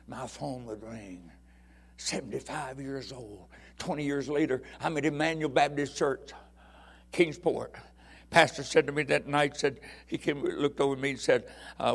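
An older man preaching a sermon, telling folksy rambling stories that break into fiery shouted bursts. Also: medium pitch, creaky.

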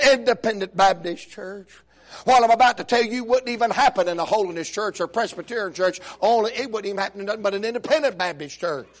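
An older man preaching a humorous sermon, telling folksy stories and rising into shouted praise. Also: high-pitched. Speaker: pastor.

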